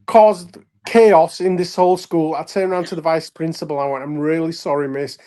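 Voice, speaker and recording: A man from Leeds with a Yorkshire accent, a wrestler and actor telling animated anecdotes with laughs in a casual interview. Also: fairly high pitch, brisk. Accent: Yorkshire English. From Leeds, England. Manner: animated anecdotes with frequent laughs and acted-out quotes. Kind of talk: casual storytelling chat.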